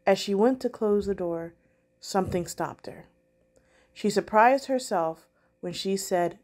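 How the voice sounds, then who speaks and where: Calm woman reading a story aloud. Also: mid-range voice. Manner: calm, measured narration. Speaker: church storyteller.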